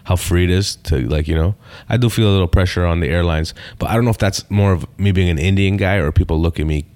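Man, very deep voice, relaxed, swears a lot, podcast guest. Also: fast. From Canada. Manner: laid-back, swears freely, repeats phrases. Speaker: stand-up comedian, podcast guest. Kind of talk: casual podcast chat.

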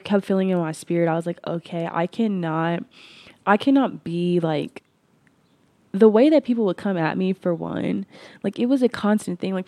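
Dry, low-voiced woman musing aloud. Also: dark tone, no echo. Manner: earnest, frequent restarts and "like" fillers. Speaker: podcast host. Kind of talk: reflective personal monologue.

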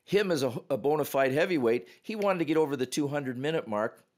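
Former referee, male, animated storyteller on a podcast, plays out the dialogue. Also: fairly high pitch, a little fast. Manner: animated storyteller, acts out quotes.

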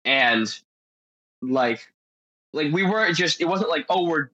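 This man's voice sits on the high side and moves slowly, captured without room sound and with the highs cut off. As a podcast guest, he rambles through adventure stories in a casual, animated way, filling them with "like."

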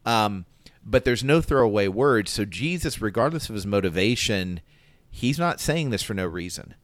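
A man in a casual Bible discussion, animated and quick to laugh, often acting out little quotes. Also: on the low side, no room sound.

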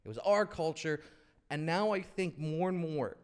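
A man's voice: on the high side, moderate pace, clear, resonant tone. A man hosting a casual interview, musing thoughtfully with dry jokes and stumbling over words. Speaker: podcast host. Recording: long reverb in room.

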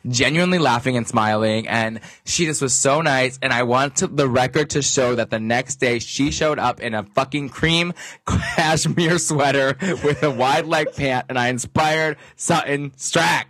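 A young podcast co-host tells animated stories in casual chat, doing quoted voices and swearing casually. His medium-pitched voice moves a little slowly, and the recording is dry and clean, with studio sound.

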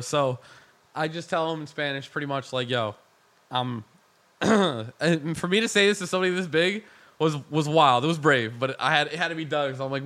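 Bright-voiced young man, laughing and cursing. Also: a little high. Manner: laughing, profane, quick asides. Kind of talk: casual storytelling chat.

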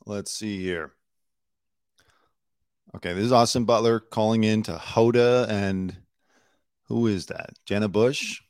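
A man's voice: fairly low pitch, fairly even intonation, unhurried, pauses often, darkish tone, smooth, no echo, studio quality. A man hosting his own commentary show, talking in a chatty, opinionated way with lots of fillers. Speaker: host. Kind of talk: solo news commentary show. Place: home studio in Los Angeles.

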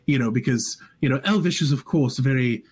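A man's voice: medium pitch, a little fast, husky. A man, a podcast guest, chatting casually about tabletop games, telling stories with lots of fillers. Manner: animated, anecdotal, filler-heavy. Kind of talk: casual chat.

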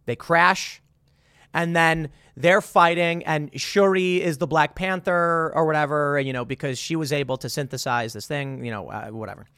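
A man's voice: a little high, normal speed, fairly bright tone, clear, resonant tone, dry recording, clean studio sound. A man giving an opinionated, sarcastic movie commentary, talking incredulously and restarting his sentences often.

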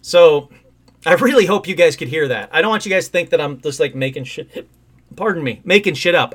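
An excitable man hosts a call-in livestream from his home. His voice sits a little high and bright, and it swings widely in pitch as he rambles and breaks into sudden outbursts. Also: a little fast. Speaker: host of a call-in livestream show. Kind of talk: casual live-stream chat.

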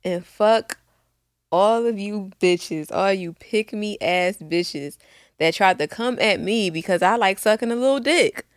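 A young woman with a Philadelphia accent, co-hosting a podcast in blunt, laughing, animated casual chat. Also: mid-range voice, a little slow, no echo, clean studio sound. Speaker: podcast co-host.

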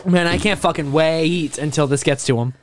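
A man's voice: on the high side, moderate pace. A man in casual podcast chat, joking and playful. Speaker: podcast co-host.

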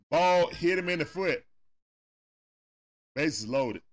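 A man with a Southern US accent gives casual play-by-play for a live watch-party stream. His pitch swings up and down with every pitch, and he coaches and groans at the players as though they can hear him. His speech is full of folksy Southern turns of phrase. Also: animated, takes it slowly.

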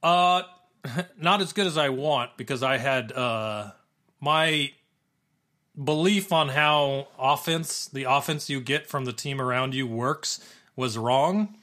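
A man's voice: mid-range voice, takes it slowly, sharp tone. A man co-hosting a gaming podcast, chatting and explaining game mechanics with frequent restarts. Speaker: podcast co-host. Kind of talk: casual gaming podcast chat.

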